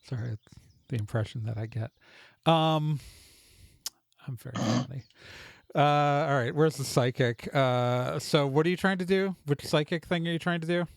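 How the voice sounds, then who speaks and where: A man's voice: fairly high pitch, moderate pace, vocal fry, no echo, studio quality. A man running a tabletop game as game master, narrating in a rambling way full of fillers and restarts. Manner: rambling, self-interrupting narration with many fillers.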